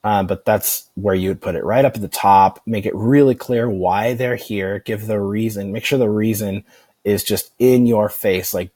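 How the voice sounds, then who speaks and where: Low-voiced man giving a casual tutorial. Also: normal speed, no echo. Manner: relaxed, rambling, many fillers and restarts. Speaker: online marketing instructor. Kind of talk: casual screen-recorded software tutorial.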